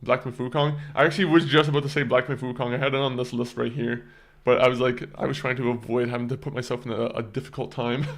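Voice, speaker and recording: A man's voice: mid-range voice, little pitch movement, fast talker. A man streaming a game, chatting casually with his viewers, rambling and laughing and often tripping over his words. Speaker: gaming streamer.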